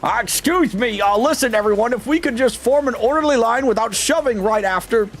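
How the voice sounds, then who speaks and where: A man's voice: a little fast, fairly bright tone. A man voicing a pompous, easily panicked rich merchant in a video game, fussy and stammering when alarmed. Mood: flustered. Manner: flustered and fussy, stammering in high shrill panic.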